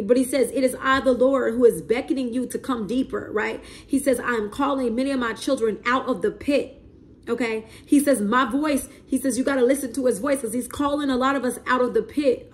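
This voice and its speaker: Emphatic woman preaching prophecy. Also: on the high side. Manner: repetitive, emphatic, asks okay and right often. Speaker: self-described prophet.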